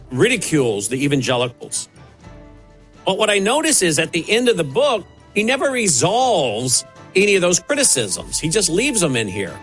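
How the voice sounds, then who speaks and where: Animated, pointed male commentator. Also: fairly high pitch, low-quality recording. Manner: pointed, sarcastic critique. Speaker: radio commentator. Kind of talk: opinion commentary.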